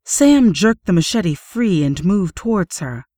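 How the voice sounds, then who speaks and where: A woman reading a horror story aloud in steady, measured audiobook narration. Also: fairly low pitch, no echo, clean studio sound.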